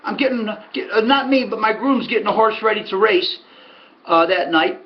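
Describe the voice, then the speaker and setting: Chatty high-voiced man, lo-fi sound. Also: normal speed. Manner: chatty storyteller, folksy asides. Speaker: horse racing handicapper and host. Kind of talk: rambling casual monologue.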